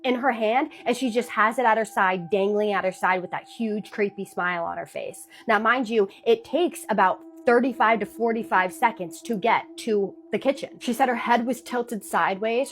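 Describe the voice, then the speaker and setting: A woman narrating a true scary story in a chatty, dramatic storytime manner. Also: a little high. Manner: chatty, dramatic retelling with pauses.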